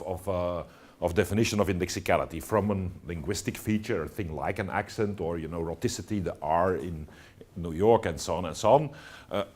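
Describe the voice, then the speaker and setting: A man's voice: fairly low pitch, darkish tone. A man lecturing to students, talking with many fillers and restarts and checking in with "all right?". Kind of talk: university lecture.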